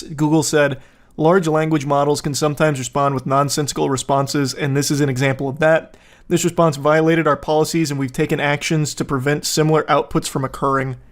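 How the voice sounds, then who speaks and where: A man giving casual, sardonic online commentary, swearing freely and joking between points. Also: on the high side. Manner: sardonic, profane, jokey asides. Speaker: commentary host.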